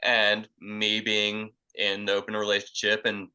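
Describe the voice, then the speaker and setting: This young podcast storyteller speaks in a lowish, monotone voice at a measured pace, with a clean tone despite the rough recording. His crude story is casual, rambling, profane, and full of fillers, and he acts out the quotes loudly.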